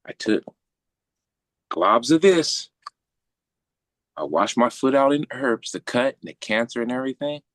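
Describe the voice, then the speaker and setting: A man's voice: mid-range voice, unhurried, pauses often, no room sound. A man telling a long personal story in casual talk, swearing freely and acting out the voices of the people in it. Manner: animated, swears freely, acts out quoted voices.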